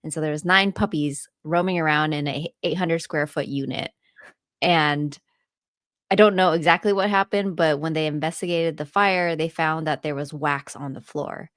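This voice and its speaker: A woman's voice: low voice, steady tone, normal speed, fairly bright tone, dry recording, clean studio sound. A woman co-hosting a podcast, telling a story in casual chat and laughing often as she retells it. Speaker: podcast co-host and landlord.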